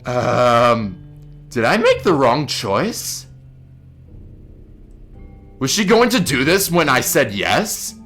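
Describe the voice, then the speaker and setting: A man's voice: medium pitch, big pitch swings, slow, pauses often, fairly bright tone. A man giving gameplay commentary, flustered and swearing a lot as he talks to his viewers. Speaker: let's play gamer. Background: game music.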